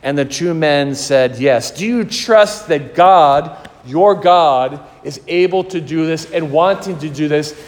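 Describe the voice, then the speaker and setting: Male preacher, earnest sermon delivery, long church-hall reverb. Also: a little high. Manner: slow, earnest, questioning delivery.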